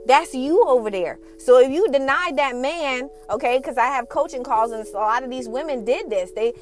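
A woman's voice: sits high, moderate pace, soft background music. A woman hosting a casual spiritual podcast, talking in a blunt, sassy and profane way and laughing often. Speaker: podcast host and twin flame coach.

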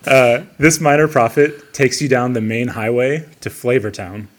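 A man's voice: medium pitch, fairly even intonation, moderate pace. A man co-hosting a podcast, reading out pun clues in a casual chat and laughing at his own jokes. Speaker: podcast co-host posing quiz clues.

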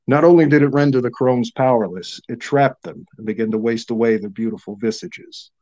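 A man narrating a fantasy story in a steady, measured reading. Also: mid-range voice, dull audio.

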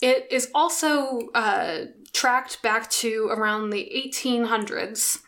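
Play a chatty young woman podcaster, laughing easily, voice a touch high. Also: fairly bright tone. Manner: chatty, giggly, quick asides. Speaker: podcast co-host. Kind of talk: casual chat.

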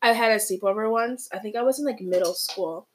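A young woman co-hosts a relaxed podcast conversation. She tells a story in a loose, casual way and fills it with "like". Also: medium pitch, fairly quick, noisy background. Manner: casual storytelling, many "like" fillers. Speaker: podcast co-host. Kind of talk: casual chat.

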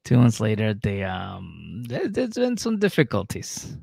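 A man's voice: on the low side, wildly swooping pitch, measured pace, creaky, a little mellow, slightly rough, no room sound, clean studio sound. A man co-hosting a podcast, recapping a reality show in a laid-back, rambling way. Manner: laid-back, rambling, acts out quotes in mocking voices. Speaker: podcast co-host.

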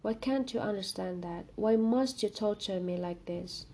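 A woman's voice: mid-range voice, moderate pace, dark tone, lightly acted. A woman voicing a frightened young woman student who is anxious and tearful, in a storybook reading.

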